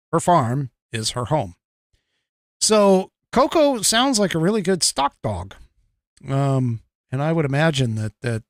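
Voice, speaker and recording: Chuckling frequently, a male podcast host with a slightly high voice rambles casually, full of fillers and false starts. The studio-quality recording is dry.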